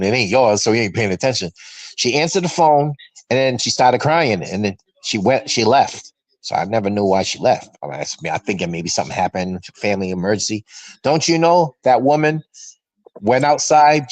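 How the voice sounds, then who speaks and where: A man's voice: mid-range voice, no echo, rough recording. A man in his fifties from Massachusetts, telling stories on a fan show video call and acting out what people said. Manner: animated storyteller who acts out quoted voices. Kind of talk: casual storytelling chat.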